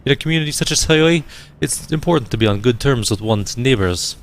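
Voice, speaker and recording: A man voicing a polite, cultured male drone engineer in a video game, speaking in a measured, formal way. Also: medium pitch, expressive, natural voice.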